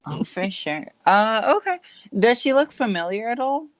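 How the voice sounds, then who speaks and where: A woman playing in a tabletop game, excitable and animated as she talks. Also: on the high side, normal speed, no echo. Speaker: player.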